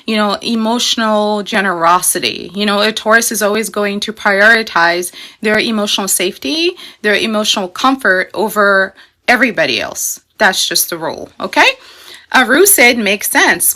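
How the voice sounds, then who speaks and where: A woman's voice: medium pitch, pushed and bright. A woman hosting a casual astrology talk, explaining in a chatty, emphatic way with frequent "you know" and "okay?". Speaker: astrology host.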